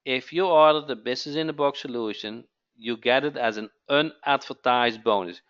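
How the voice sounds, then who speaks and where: A man hosting a live webinar sales pitch, who keeps asking "okay?" and repeats his phrases. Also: normal speed, a bit bright, muffled recording. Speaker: webinar host.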